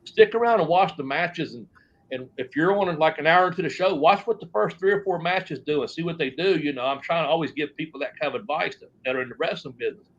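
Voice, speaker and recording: A man's voice: a little high, quick pace, lo-fi sound. A man, a former wrestler telling stories in a long interview, rambling and swearing as he goes. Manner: rambling, profane, trailing off into restarts. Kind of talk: shoot interview storytelling.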